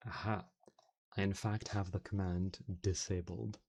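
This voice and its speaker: A man's voice: low voice, flat delivery, measured pace, darkish tone, a little hiss or hum. A man chatting playfully as an ASMR streamer, reacting to his audience with frequent laughs. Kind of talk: casual ASMR stream chat.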